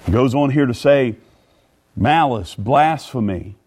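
A middle-aged man preaching a sermon in a folksy way, stumbling over repeated words and rising in pitch when reading scripture. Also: expressive, measured pace, a little mellow, husky, faint music behind. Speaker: pastor.

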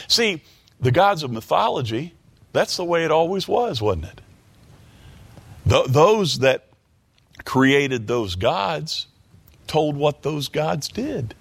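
A male preacher giving a sermon, reading scripture aloud and explaining it. He repeats phrases and stumbles while working through a thought, drops low and quiet when he voices the confession, and rises with emphasis on key words. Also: vocal fry, slightly rough.

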